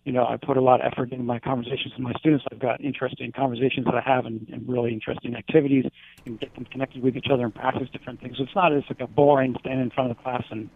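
A man's voice: mid-range voice, little pitch movement, racing, vocal fry, breathy edge, phone-quality sound. A male teacher talking earnestly in a casual interview, rambling with lots of fillers.

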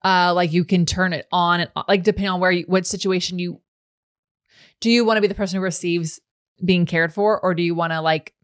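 A woman's voice: fairly low pitch, steady tone, brisk, no echo, studio quality. Rambling, reflective woman host. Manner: reflective, thinks aloud with many "like" fillers and restarts. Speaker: podcast host. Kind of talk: casual conversational interview.

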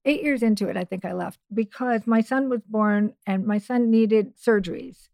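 A woman's voice: mid-range voice, moderate pace, creaky, a little mellow, dry recording. A middle-aged woman, a podcast guest, telling a personal story in a chatty way with many asides and restarts. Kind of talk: casual storytelling.

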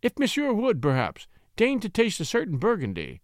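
A man's voice: high voice, huge pitch swings, moderate pace, dry recording, clean studio sound, voice pushed up. A man doing a stammering, fawning innkeeper. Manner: stammering, grovelling. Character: frightened, fawning male innkeeper.

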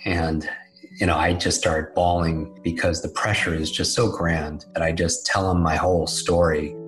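Very deep-voiced man telling a story. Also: flat delivery, normal speed, music in the background, low-quality recording. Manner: candid, self-deprecating, conversational. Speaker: speaker telling his life story. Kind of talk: storytelling talk.

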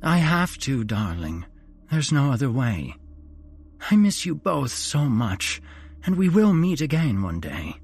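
A man voicing a loving departed mother in a horror story, speaking softly and tenderly. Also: a little high, lively intonation, drawn-out words, pauses often, husky, pitched above the performer's own voice, exaggerated voice. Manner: soft, tender, tearful.

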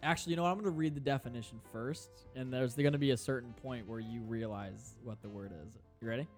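A man with a middle-pitched voice hosts a comedy podcast, rambling through crude jokes. He explains things in long, loose stretches, with faint music playing low. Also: fast, darkish tone. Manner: rambling, crude, laughs often. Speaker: podcast host. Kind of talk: casual comedy banter.

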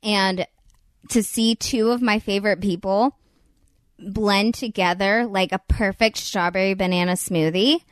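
A woman hosting a podcast in casual chat with a friend, effusive and quick to laugh. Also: mid-range voice, fairly even intonation, clean tone, dry recording. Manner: giggly, effusive, gushing. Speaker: podcast host.

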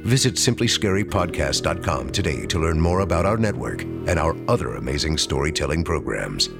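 A man hosting a horror podcast, reading a scripted outro in a smooth announcer manner with a dramatic, drawn-out sign-off. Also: a bass voice, very animated, over music. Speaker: podcast host.

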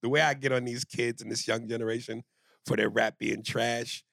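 A man co-hosting a crude comedy podcast, reading listener emails out loud, riffing loudly and slipping into put-on voices and beatbox chants. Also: mid-range voice, fairly even intonation, moderate pace, gravelly, dry recording, clean studio sound. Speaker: podcast co-host.

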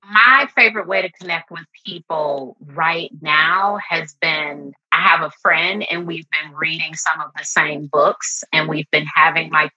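A low-pitched, husky woman with a sharp, forceful edge to her voice talks earnestly as a podcast guest. Her speech is loose and conversational, full of "like," and the recording sounds dull and lo-fi. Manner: earnest and open, many "like" fillers. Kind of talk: reflective casual conversation.

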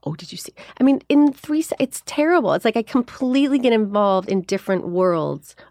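A woman in her forties, an actress, chatting in an interview and acting out her own thoughts in quick, lively asides. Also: a little high, no echo, clean studio sound. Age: 40s. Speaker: actress guest. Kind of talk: casual interview chat.

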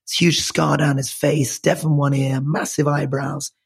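A Scottish man with a hoarse, croaky voice co-hosting a political podcast, telling anecdotes in a measured, softening way. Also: a little high, flat delivery. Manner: measured storyteller, drops soft for anecdotes. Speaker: podcast co-host. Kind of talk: casual political podcast chat.

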